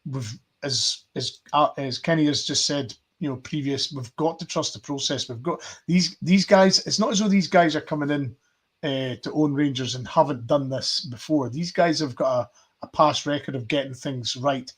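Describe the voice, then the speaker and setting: A man hosting a live fan podcast, thinking aloud in a loose, rambling way with plenty of fillers. His voice is fairly high for a man and audibly husky. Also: moderate pace, fairly bright tone. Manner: thoughtful, rambling with fillers and sighs. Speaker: podcast host reading viewer messages. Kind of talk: casual football fan chat.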